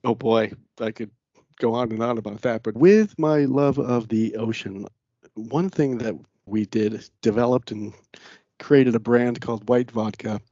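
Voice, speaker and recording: A man's voice: medium pitch, unhurried, warm tone, no room sound, muffled recording. A talkative American man who is a guest on a podcast. He chats casually and rambles, with lots of fillers and restarts. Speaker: podcast guest, managing director. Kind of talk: casual interview chat.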